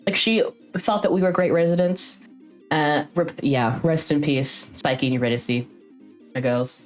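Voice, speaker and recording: A young woman with a notably low voice chats casually on stream, rambling through a story and dropping curses along the way. Faint music plays quietly behind her. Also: unhurried. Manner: rambling, frequent swearing, lively retelling.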